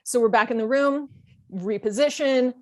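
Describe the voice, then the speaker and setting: Young woman, fairly high voice, animated storyteller, casual podcast chat. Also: normal speed. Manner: animated storyteller acting out other people's lines. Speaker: podcast guest.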